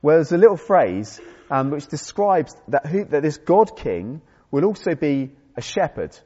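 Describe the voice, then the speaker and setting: A man's voice: fairly high pitch, sing-song, a little slow, dark tone, breathy edge. A man preaching a conversational sermon with self-deprecating humor and frequent restarts. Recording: dull sound in a reverberant hall.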